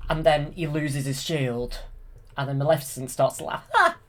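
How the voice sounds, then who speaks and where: Excited man rambling through a film retelling. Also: fairly high pitch, moderate pace. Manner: eager, rambling, many ums and restarts. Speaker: YouTube creator. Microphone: handheld camera.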